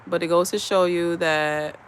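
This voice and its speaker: Speaking into a phone camera from behind it, this American livestream host greets viewers individually and reads out their comments while outdoors on a cold evening. The chat is casual, and the mid-range voice is flat and unhurried against slight background noise.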